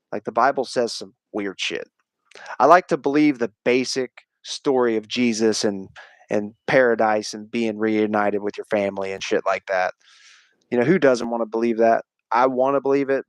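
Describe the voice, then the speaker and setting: A man's voice: mid-range voice, dry recording. Dry, close voice of a rambling male streamer. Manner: rambling, profane, opinionated, frequent "like". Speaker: livestream host. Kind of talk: casual livestream chat.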